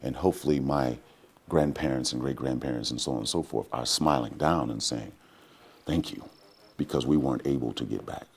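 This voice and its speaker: Very deep, gravelly man, husky and heartfelt. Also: fairly quick. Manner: reflective, heartfelt, peppers speech with "you know". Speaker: actor guest. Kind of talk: relaxed interview talk.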